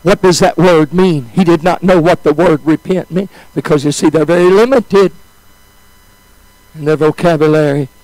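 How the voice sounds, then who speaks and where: A male preacher telling a story in a sermon, swinging from high exclamations to hushed, drawn-out phrases. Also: no echo, low-quality recording.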